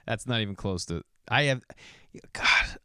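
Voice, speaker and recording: A man's voice: on the low side, animated, slow, bright, forceful tone, clean tone, dry recording, studio quality. A middle-aged man hosting a podcast, telling loose, digressive comedic stories in a solo monologue. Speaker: podcast host.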